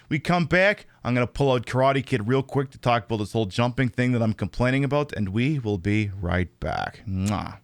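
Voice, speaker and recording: A man chatting casually on a live game stream, rambling and sardonic. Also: on the high side.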